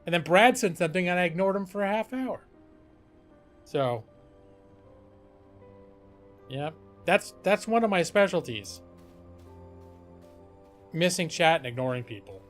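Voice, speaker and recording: A man talks through his game on a live stream, rambling and chatty, poking fun at himself as he goes. His voice sits a little high. Faint music plays underneath. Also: a bit bright. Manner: rambling, chatty, self-deprecating. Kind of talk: casual gaming stream commentary.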